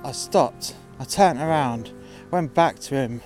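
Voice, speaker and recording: A man tells a story from his day at work in a blunt, sweary voice, his pitch sitting in a middle range. He drips sarcasm and acts out what everyone said. Clear music plays behind him. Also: unhurried, a little mellow. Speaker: narrator of a workplace story. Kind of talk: storytelling monologue.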